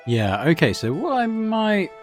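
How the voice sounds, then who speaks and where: A man's voice: high-pitched, huge pitch swings, a little slow. A man casually commenting on his video game play, musing aloud and reading item descriptions. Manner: laid-back, musing, reads item text aloud. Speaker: gaming channel host. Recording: game audio with faint music.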